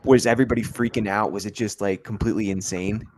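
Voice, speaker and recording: A man's voice: lowish voice, steady tone, fast talker, a little hiss or hum. A young man hosting a casual post-match football livestream, talking enthusiastically to his viewers. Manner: enthusiastic, talks straight to viewers.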